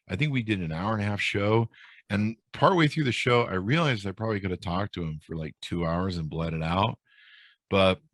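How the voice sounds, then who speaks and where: Deep-voiced man telling an animated story. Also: no room sound. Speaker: podcast host and guest. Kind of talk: casual interview storytelling.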